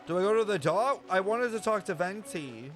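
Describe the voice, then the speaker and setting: A man streaming his reaction to a video game, talking in an excitable, profane way and often breaking into laughter. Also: sits high, moderate pace, faint music behind.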